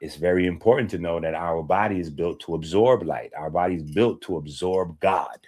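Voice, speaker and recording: Casting: low-voiced man, emphatic streaming host, lectures casually and insistently. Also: moderate pace, darkish tone, slightly rough. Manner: emphatic, lecturing, conversational asides. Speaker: holistic health streamer.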